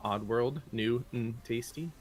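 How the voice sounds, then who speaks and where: A man co-hosting a gaming morning show, reading the day's game releases briskly and making playful asides. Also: medium pitch. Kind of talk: casual morning show banter.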